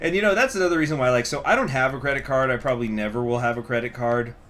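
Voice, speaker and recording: Chatty man with a bright voice. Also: medium pitch, very fast, a little hiss or hum. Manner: rambling, chatty storytelling, reading chat. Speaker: gaming channel host. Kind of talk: casual commentary over strategy gameplay.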